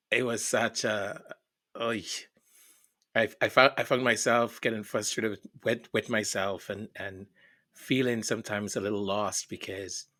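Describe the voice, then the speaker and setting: A man's voice: medium pitch, fairly bright tone. A middle-aged man hosting his channel, chatting casually and emotionally as he reads viewer comments, often repeating words and hesitating. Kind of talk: casual chat.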